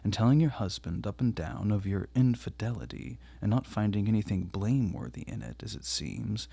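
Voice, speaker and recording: Cold, rigid middle-aged husband, voiced by a male audiobook reader; husky, low, formal and emphatic. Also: expressive, normal speed, darkish tone, no room sound, exaggerated voice. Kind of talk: audiobook character reading.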